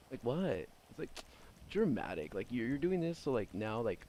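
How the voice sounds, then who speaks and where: A young man streaming and chatting casually, loud and opinionated, rambling with lots of fillers. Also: medium pitch, sing-song, normal speed, a little hiss or hum. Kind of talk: casual chat while gaming.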